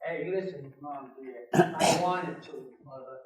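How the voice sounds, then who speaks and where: A man's voice: a little high, unhurried, a little mellow, lightly acted. An older man playing an exasperated grown son who pleads with his mother on the phone, in a flustered, placating manner. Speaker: amateur skit performer. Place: senior center hall. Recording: echoey hall from far off.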